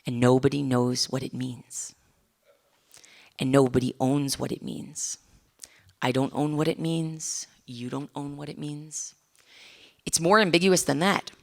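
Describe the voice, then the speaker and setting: A woman's voice: deep voice, creaky. A middle-aged woman giving a conversational lecture to a live audience in a lecture room, putting questions to the listeners and acting out little scenes. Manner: animated, acts out little scenes.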